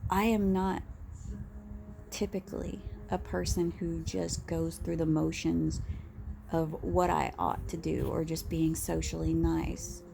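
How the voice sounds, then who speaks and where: A woman delivers a blunt, unhurried personal rant, swearing freely and circling back to restart her thoughts. Her voice is low-toned and gravelly, with a dark, mellow tone. A faint hiss of noise sits under the recording. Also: level tone. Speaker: vlogger.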